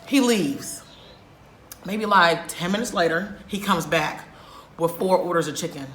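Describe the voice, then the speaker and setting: Bright-voiced woman vlogger telling an animated story. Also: on the low side, unhurried, reverberant, slight background noise. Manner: animated, emphatic storytelling with frequent swearing. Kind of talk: storytime vlog.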